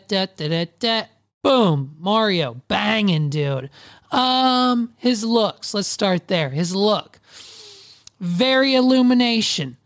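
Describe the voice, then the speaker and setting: A woman's voice: medium pitch, no room sound. A woman hosts a podcast in a loose, rambling chat, often trailing off and restarting her sentences. She takes her time over each phrase, and her voice sits close and dry with no room sound. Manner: rambling, loose and profane, many fillers and restarts. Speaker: podcast host. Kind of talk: casual chat.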